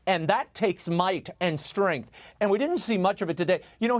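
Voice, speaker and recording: A man giving sarcastic, opinionated political commentary on a TV show. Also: high voice. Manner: sarcastic, mocking.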